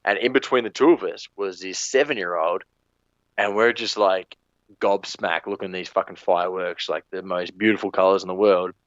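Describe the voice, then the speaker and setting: A man's voice: low voice, steady tone, normal speed, no room sound. A man on a podcast telling a rambling, swear-filled story in a casual chat, on a dull lo-fi recording. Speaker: podcast co-host.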